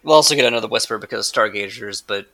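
A man plays a tabletop game and talks quickly, stumbling into restarts. His voice is bright and his delivery is hurried. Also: lowish voice. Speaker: player. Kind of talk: casual tabletop play.

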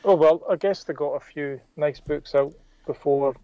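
A man's voice: on the high side, moderate pace, mellow, dry recording, highs cut off. A man, co-hosting a casual podcast chat, who chuckles as he recalls his favourite moments. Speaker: podcast co-host. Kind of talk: casual chat about a comic book.

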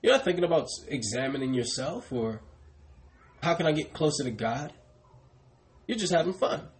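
A man teaches in a sermon, posing questions and answering them himself, and keeps ending lines with "brothers and sisters" in a falling, quieter voice. His voice is fairly high-pitched and very animated at a moderate pace, with a little hiss or hum.

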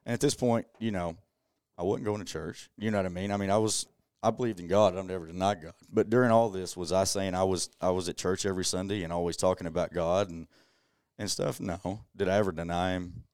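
Deep-voiced man, dry sound. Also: fairly even intonation, fairly quick, darkish tone, clear, resonant tone, dry recording. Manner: earnest, conversational, many "you know"s. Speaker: podcast guest. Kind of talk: personal storytelling, casual.

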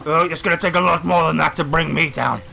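A man's voice: on the high side, fast talker, gravelly, sharp tone, faint music behind, heavily acted. A man voicing a fat, foul-mouthed male cyborg corporate boss who taunts and gloats in a tabletop role-play. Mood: taunting.

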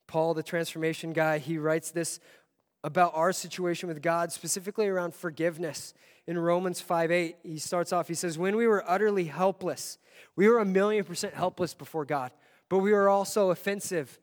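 A man preaching a sermon as pastor, telling a story with a voice that swells from quiet to loud. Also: a little high, fairly even intonation, brisk. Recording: long hall reverb.

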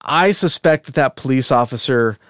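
A podcast host with a mid-range, fairly bright voice chats casually at a moderate pace, rambling along and laughing often. The recording is dry and clean, with a studio sound.

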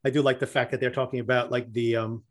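A man's voice: medium pitch, little pitch movement, fast. A man from New Jersey co-hosting a podcast in casual chat, talking loosely with many fillers and frequent laughs. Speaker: podcast co-host.

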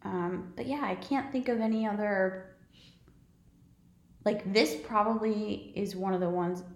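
A woman's voice: mid-range voice, fairly even intonation, a little slow. A woman co-hosting a podcast, chatting casually and rambling about movies, swearing now and then. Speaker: podcast co-host. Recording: roomy echo.

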